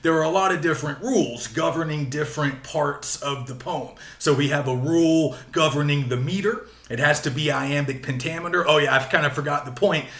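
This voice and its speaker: A man's voice: fairly high pitch, a little fast, hardly any pauses, a bit bright, echoey room. A man giving a patient, explanatory literature lecture, repeating key points and using frequent fillers. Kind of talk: recorded classroom lecture.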